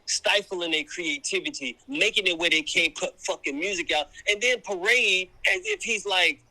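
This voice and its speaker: A man's voice: high-pitched, normal speed, few pauses, sharp tone. A man delivering a heated, profane monologue to camera, repeating his points for emphasis. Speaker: commentator.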